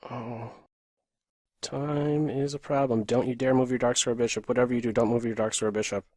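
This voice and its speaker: A man's voice: medium pitch, level tone, moderate pace, a little mellow, no room sound, studio quality. A man in his thirties from Pennsylvania, USA, streaming live chess and muttering terse running commentary on his moves. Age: 30s. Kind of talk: live commentary while playing bullet chess.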